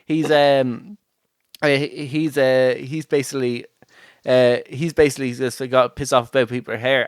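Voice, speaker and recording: A podcast host talks casually from home, rambling through filler words and often breaking into laughter. His voice is smooth and clear, at a middle pitch, recorded close and dry with no room sound. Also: no room sound. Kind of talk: casual chat.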